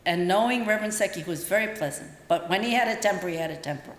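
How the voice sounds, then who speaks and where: A woman's voice: on the low side, fast talker, hardly any pauses, slight background noise. Older woman telling a story in a temple hall. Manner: storytelling, acts out voices in quotes. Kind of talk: dharma talk with personal stories. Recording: roomy hall echo, faint ambience.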